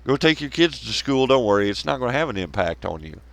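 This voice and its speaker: A man's voice: mid-range voice, very animated, fast, gravelly, a bit bright, no echo. Rambling, profane man. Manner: rambling, swears a lot, laughs at his own jokes, mocking voices. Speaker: podcast host. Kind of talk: profane solo commentary.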